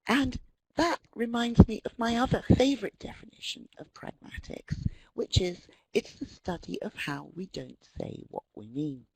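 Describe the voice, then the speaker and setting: A woman's voice: mid-range voice, moderate pace, creaky, breathy edge, no echo, rough recording. A woman presenting an online lecture on language, telling stories and acting out quoted speech. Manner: lively storytelling, acts out quotes. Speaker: webinar presenter.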